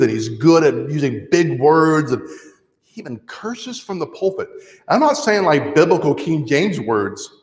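Man preaching in an echoey church hall. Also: fairly high pitch. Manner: conversational, plain teaching delivery with wry asides. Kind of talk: teaching sermon. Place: church sanctuary.

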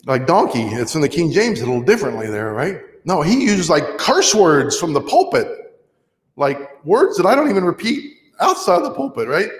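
A man delivers a teaching sermon in a church sanctuary, his voice sitting a little higher than most men's. He talks plainly and conversationally, with dry asides, more teacher than fire-and-brimstone preacher. The sound carries a long, echoey hall reverb. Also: sing-song, moderate pace.

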